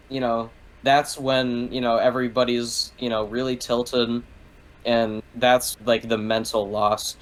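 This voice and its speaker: A man's voice: mid-range voice, little pitch movement, unhurried, low-quality recording. Rambling, swearing man in casual talk. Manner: rambling, heavy use of "like", swears freely.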